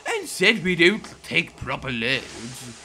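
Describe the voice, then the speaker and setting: A man's voice: a little high, huge pitch swings, slow pace, voice pushed up, exaggerated voice. Clarabel, a man doing a prim coach lady. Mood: hurt. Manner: earnest, polite. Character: gentle female passenger coach, proud and hurt. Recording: loud music under the voice.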